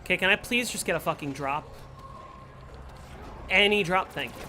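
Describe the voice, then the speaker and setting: A man's voice: high voice, normal speed, bright, forceful tone, a little hiss or hum. A young man streaming a game and chatting casually with his viewers, answering them with playful sarcasm. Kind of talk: casual live-stream chat while playing.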